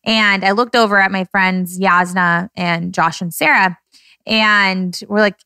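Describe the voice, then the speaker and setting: Woman, 30s, podcast host, teary and effusive, mid-pitched, dry studio sound. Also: fairly even intonation, measured pace, pushed and bright, clear, resonant tone, no echo. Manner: heartfelt, tearful, effusive. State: close to tears. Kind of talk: emotional casual podcast talk.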